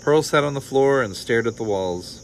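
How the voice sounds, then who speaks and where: A man reading a children's picture book aloud in a calm, measured storytelling voice. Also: medium pitch, a little hiss or hum, rough recording.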